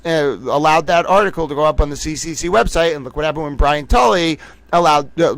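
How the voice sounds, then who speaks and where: Animated man hosting a jokey livestream. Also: on the high side, no room sound. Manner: animated, jokey, calls himself a little towel; talks to chat viewers by name. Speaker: livestream host. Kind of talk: casual livestream chat.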